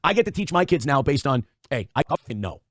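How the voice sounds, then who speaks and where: A man's voice: medium pitch, very animated, fairly quick, no echo, studio quality. A man hosting a casual livestream, reading out viewer donations and rambling in a profane, self-interrupting way. He is a father of young kids. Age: adult father of young children. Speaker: livestream host.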